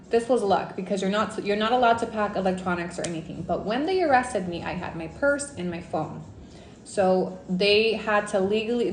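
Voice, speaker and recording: A woman from Mexico telling a personal story in a casual, animated livestream storytime, dropping in Spanish words. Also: mid-range voice, roomy sound, slight background noise. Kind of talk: casual storytime on a live stream.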